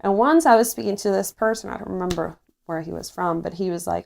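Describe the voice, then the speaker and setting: A woman's voice: medium pitch, quick pace, vocal fry, a little hiss or hum. Laughing Puerto Rican woman. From Puerto Rico. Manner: laughs often, animated storytelling. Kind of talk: casual chat.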